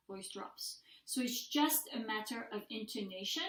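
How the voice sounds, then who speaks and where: A woman's voice: medium pitch, unhurried, few pauses, fairly bright tone. A woman, a language instructor, recording a mini-lecture and patiently modeling example sentences aloud. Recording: echoey room.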